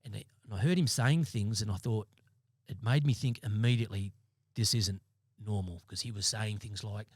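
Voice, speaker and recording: Blunt, halting Australian man, lowish voice. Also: dry recording, clean studio sound. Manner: blunt, halting, repeats and restarts words. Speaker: former police sergeant, podcast guest. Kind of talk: interview storytelling. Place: podcast studio.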